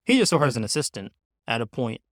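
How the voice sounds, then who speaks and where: A man in a casual film discussion, explaining his view at length in a measured, analytical way. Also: mid-range voice, very animated, no echo, clean studio sound.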